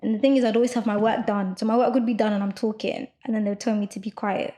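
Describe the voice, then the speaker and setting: A young woman co-hosting a podcast, talking loudly and quickly in a rambling casual chat full of fillers. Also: mid-range voice, steady tone. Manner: loud, fast rambling with many fillers. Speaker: podcast co-host.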